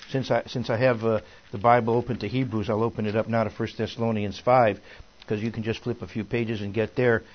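A man's voice: mid-range voice, dull audio. A man preaching a sermon as a minister, folksy and rambling with many fillers and restarts.

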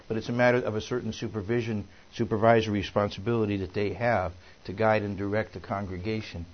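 A man's voice: lowish voice, fairly even intonation, brisk, lo-fi sound. A man preaching a sermon as a minister, folksy and rambling with many fillers and restarts.

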